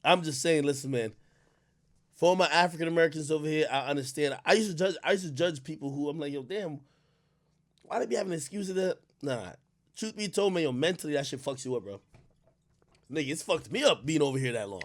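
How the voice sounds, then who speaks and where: A young man from Jamaica, ranting on a livestream, loud and profane one moment and muttering low the next. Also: brisk. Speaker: streamer.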